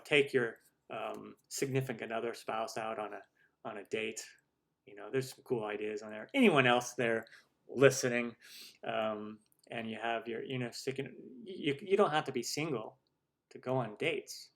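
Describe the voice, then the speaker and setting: A man's voice: medium pitch, fairly bright tone. A middle-aged man hosting a cooking live stream, chatting casually and rambling with many restarts as he answers viewer questions.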